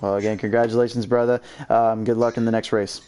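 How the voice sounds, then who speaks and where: Excitable man commentating a race. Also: mid-range voice, quick pace, smooth. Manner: excitable, laughs often, exclaims. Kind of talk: excited sim racing league commentary.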